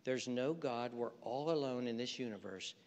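A man preaching a sermon, swinging from loud mocking outbursts to soft, earnest appeals. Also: mid-range voice, moderate pace, in a large hall. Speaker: pastor.

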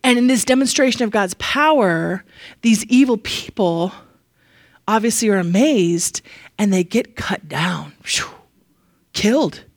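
A woman giving a casual, animated Bible lesson. She is chatty, laughs often and leans on fillers. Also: medium pitch, unhurried, no echo, clean studio sound. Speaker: Bible teacher.

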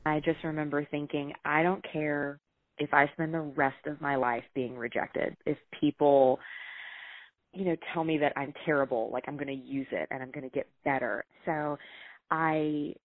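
A woman from the American South speaks at a moderate pace in a deep voice, on a dry recording with a tinny, phone-like quality. As the guest writer, she tells stories from her working life in easy conversation, animatedly playing out the dialogue she quotes.

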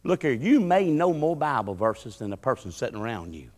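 A man preaching a sermon in a church, swinging from loud shouts to low, quiet talk. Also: big pitch swings, a little fast, in a large hall. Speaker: pastor. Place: church sanctuary.

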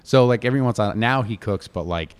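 A man from Connecticut, a chef and restaurant owner, telling family stories in a casual interview, animated and quoting his relatives, with lots of "like". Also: mid-range voice, very fast, smooth. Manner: animated, quotes family members, heavy use of "like".

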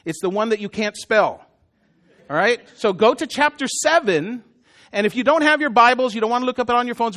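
Very high-voiced male preacher. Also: fairly bright tone. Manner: conversational, self-deprecating, joking asides to the congregation. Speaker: pastor. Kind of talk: sermon.

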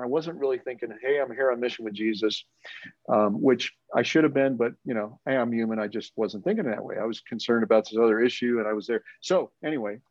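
A man's voice: mid-range voice, darkish tone, no echo. Male church leader, earnest storyteller, restarts often, muffled lo-fi dry recording. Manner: earnest, rambling, full of restarts. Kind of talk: conversational storytelling. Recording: muffled lo-fi audio.

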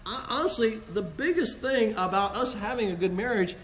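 A man's voice: high-pitched, expressive, moderate pace, a bit bright, roomy sound, slight background noise. A man co-hosting a Christian talk on marriage, earnest and joking, often restarting his sentences. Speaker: co-host, married couple ministry.

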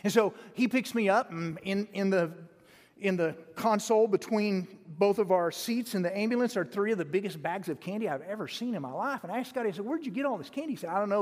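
A man preaching a sermon, telling a story in a folksy, animated way with frequent restarts, in a church sanctuary. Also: sits high. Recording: long hall reverb.

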